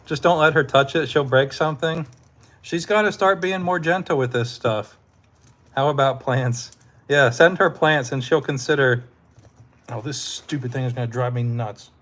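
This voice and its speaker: A man's voice: mid-range voice, normal speed, fairly bright tone. A man hosting a casual live stream, laid-back and laughing often as he talks with his chat, his throat sore from hours of talking.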